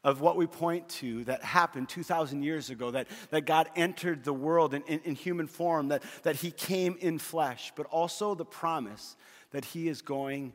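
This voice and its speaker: A middle-aged male pastor preaching, his voice sitting a little high for a man. He tells homey stories with humor, stumbling over repeated words as he goes. The sound carries a long reverb from a big hall. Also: normal speed. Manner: storytelling with humor, frequent repeated restarts. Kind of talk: sermon.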